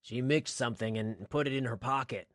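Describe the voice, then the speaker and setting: A man's voice: medium pitch, brisk, fairly bright tone, no echo, clean studio sound, lightly acted. A man reading a blunt swordsman. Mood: urgent. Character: blunt male swordsman soldier.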